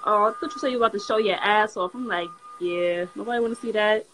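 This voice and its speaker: A man's voice: high-pitched, quick pace, a bit bright, faint music behind, voice pushed up, rough recording. A man putting on the voice of a sassy, bossy young woman, teasing and scolding during livestream banter. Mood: dismissive.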